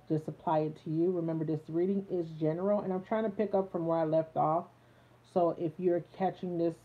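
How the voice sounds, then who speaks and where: Low-voiced woman reading tarot. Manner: chatty, many fillers, talks to live viewers. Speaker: tarot reader. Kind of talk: live-streamed tarot reading. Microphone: phone a little way off. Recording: tinny phone-like sound.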